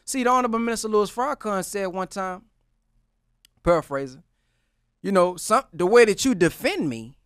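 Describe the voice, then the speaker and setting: A man's voice: high voice, expressive, moderate pace, pauses often, clear, resonant tone, dry recording, studio quality. A man talking in a loose, preaching style with a lot of slang, acting out the voices of the people he quotes. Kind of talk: preaching-style casual talk.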